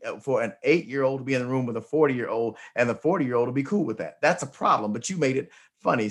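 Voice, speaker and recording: A man hosting a motivational talk show, speaking at a middle pitch. He talks emphatically, often stumbling over and repeating his first words. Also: fairly bright tone. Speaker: host. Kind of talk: motivational interview chat.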